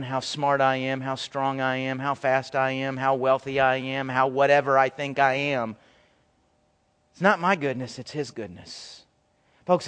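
A male pastor giving a conversational, animated sermon, acting out quoted voices as he goes. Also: medium pitch, big-room sound.

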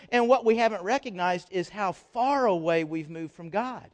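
A male pastor preaching a sermon with an animated manner, often repeating words and dropping joking asides. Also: sits high, moderate pace, hardly any pauses.

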